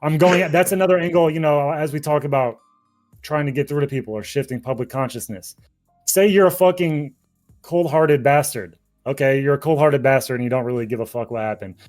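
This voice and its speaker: A man's voice: a little high, fairly quick, a little mellow, faint music behind. A man speaking as an activist guest in a casual interview, heated, profane and passionate, admitting he gets emotional.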